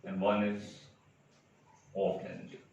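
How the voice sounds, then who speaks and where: A man's voice: lowish voice, completely flat delivery, a little slow, a little mellow, highs cut off, a little hiss or hum. A man teaching an English grammar lesson, explaining step by step, repeating examples and checking with "right?". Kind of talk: classroom lecture. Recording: echoey room, mic far off.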